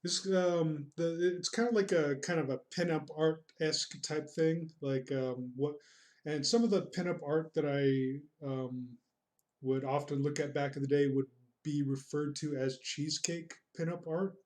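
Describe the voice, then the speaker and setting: A man's voice: on the high side, fairly even intonation, measured pace, darkish tone. A man streaming his drawing, chatting casually, reading out chat comments in a rambling, self-deprecating, goofy way.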